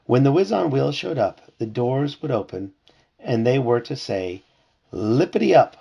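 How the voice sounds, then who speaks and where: A father reads a children's storybook aloud at home, with a gravelly, slightly husky voice. He reads with lively expression and slips into voices for the characters. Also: medium pitch, normal speed.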